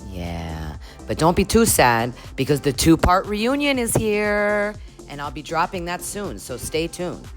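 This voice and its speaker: Low-pitched woman host, playful and joking, comedic commentary. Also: very animated, a little slow, soft background music.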